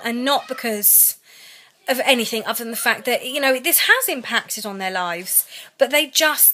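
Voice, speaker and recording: Young british woman vlogging, worn out, teary, chatty, crisp bright voice. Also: on the high side. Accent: British English. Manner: candid, rambling, self-mocking. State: tired, close to tears. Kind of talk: casual vlog chat.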